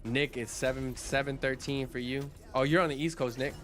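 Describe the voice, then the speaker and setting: A man's voice: medium pitch, steady tone, moderate pace, fairly bright tone, soft background music. A man streaming live, chatting casually with viewers and answering comments in a rambling way. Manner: chatty, rambling, restarts and repeats words while answering chat.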